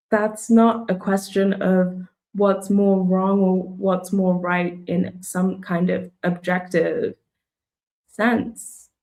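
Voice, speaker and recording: A woman in casual conversation who speaks thoughtfully and hesitantly, with many pauses and fillers. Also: on the low side, gravelly, a little mellow. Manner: thoughtful, hesitant, full of ums and likes.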